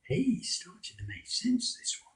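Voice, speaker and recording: A man telling a story in the first person as a fisherman disciple, in a wry, conversational, self-mocking way. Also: slow.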